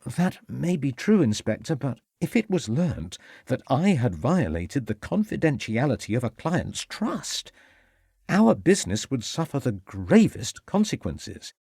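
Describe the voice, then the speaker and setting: A man voicing a cautious, formal male shop assistant who speaks in a measured, evasive way. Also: medium pitch, big pitch swings, creaky, warm tone, slightly rough, dry recording, studio quality, pitched above the performer's own voice, exaggerated voice. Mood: guarded.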